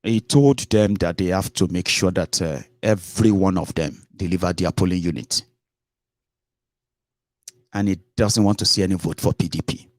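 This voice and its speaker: A man's voice: low-pitched, normal speed, darkish tone, no room sound. A man hosting a casual political commentary show, chatty and sarcastic, slipping into Pidgin.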